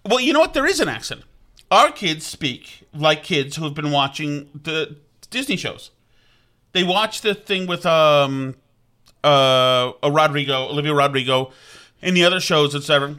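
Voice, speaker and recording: A middle-aged man talks in a loose, rambling chat, circling back on himself with restarts and asides. His voice sits a touch high for a man and rings bright and forward. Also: expressive, normal speed. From Vermont. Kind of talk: casual chat.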